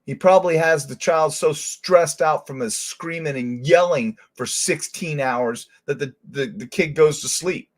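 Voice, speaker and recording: A man's voice: fairly high pitch, unhurried, few pauses. Angry man ranting as show host. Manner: heated, profane ranting. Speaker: host, former detective. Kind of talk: angry commentary.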